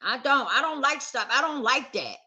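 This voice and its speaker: A woman's voice: sits high, animated, moderate pace, sharp tone. A woman vlogger talking straight to camera in a casual, emphatic rant, circling back to the same points with heat. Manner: emphatic, repetitive, heated.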